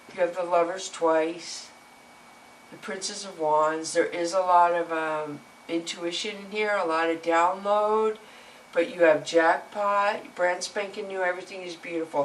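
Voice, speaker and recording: Woman tarot reader, lowish voice, earnest and teary, slightly distant mic with faint room noise. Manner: emotional, earnest, speaks directly to viewer. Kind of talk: casual tarot reading to camera.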